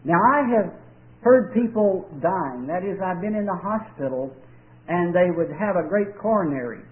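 Folksy high-voiced preacher on tinny radio. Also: male voice, expressive. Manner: folksy storytelling with drawn-out emphatic pauses. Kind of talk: sermon. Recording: tinny old radio broadcast.

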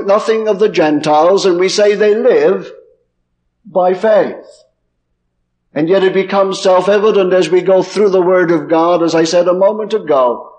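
A man delivers a sermon in a fairly high voice. He reads scripture in old-fashioned wording and leans on key words, slowing down and letting his pitch fall at the ends of phrases. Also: a little mellow, rough recording. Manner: measured, emphatic, slows and drops pitch on key words. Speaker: preacher.

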